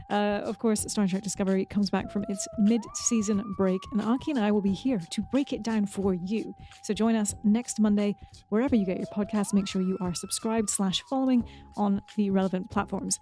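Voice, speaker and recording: A woman's voice: medium pitch, mellow. A woman podcast host speaking in an upbeat, friendly way as she chats and signs off the episode. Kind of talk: casual podcast chat and sign-off.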